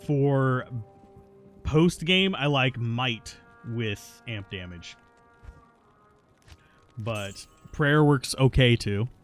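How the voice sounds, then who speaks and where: A man's voice: mid-range voice, lively intonation, extremely slow, pauses often, faint music behind. A man streaming a video game live, chatting casually and answering viewers' questions between plays, stubborn and self-mocking. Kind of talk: casual live gameplay commentary.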